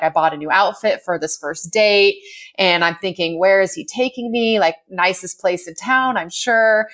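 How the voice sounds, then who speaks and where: American woman in her 40s, chatty storyteller, kinda low voice, lots of "like" and laughs. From United States. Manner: chatty, laughs often, fills with "like". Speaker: guest. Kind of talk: casual storytelling chat.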